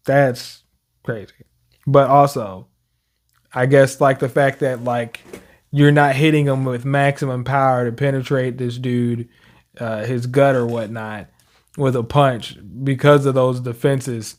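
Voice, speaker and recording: A young man casually reacting to manga chapters, reading panels aloud with slang and quick laughs. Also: mid-range voice.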